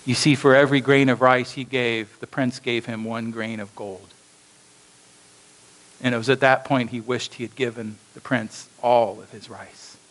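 A man's voice: medium pitch, normal speed, poor audio. A male pastor delivering a sermon in a church, telling a story and acting out its voices with animation. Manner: animated storytelling with acted quotes.

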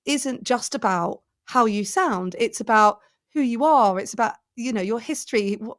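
A woman's voice: a little high, moderate pace. A middle-aged woman, a presenter coach, talking enthusiastically in a podcast interview and thinking aloud as she goes.

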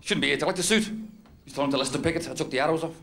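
A man's voice: a little high, racing, creaky. Man, from North West England, stand-up comedian, rambling, self-mocking, noisy old club recording. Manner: rambling, self-mocking, laughing at his own jokes. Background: audience laughter.

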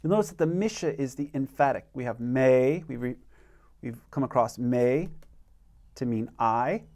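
A man teaching an online beginner language lesson, speaking slowly and patiently and modeling phrases for learners to repeat. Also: medium pitch, animated, darkish tone.

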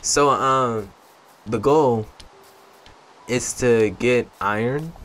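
A young man giving casual, joking gameplay commentary to his viewers. He swears freely and bursts into excited yelps. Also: medium pitch, drawn-out words. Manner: chatty, talks straight to viewers. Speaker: gaming YouTuber.

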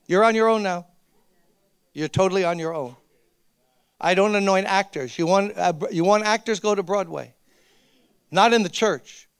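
Male pastor, conversational sermon, high voice, dry close sound. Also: clean tone, no room sound. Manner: earnest and conversational, with emphatic repeated appeals. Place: church, speaking to a gathering of ministers.

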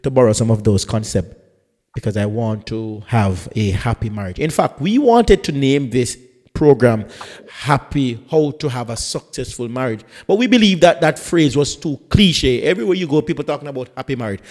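A man with a dark, mellow voice hosts a live radio talk show, chatting and teasing his guest as he rambles through asides. His voice carries a long, ringing reverb. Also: mid-range voice. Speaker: pastor and radio show host.

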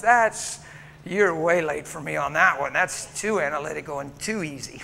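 A man's voice: on the high side, brisk, gravelly, sharp tone. Man, preacher, emotional storytelling sermon, church, faint background hiss. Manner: emotional storytelling, acting out quoted people. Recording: long church reverb, faint background noise.

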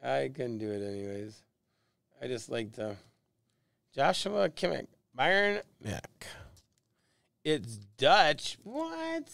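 A man's voice: medium pitch, slow, vocal fry, pauses often, fairly bright tone, no room sound, studio quality. A man hosting a live card break, reading out players and teams in casual chat and joking about how names are pronounced. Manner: chatty, joking about name pronunciations.

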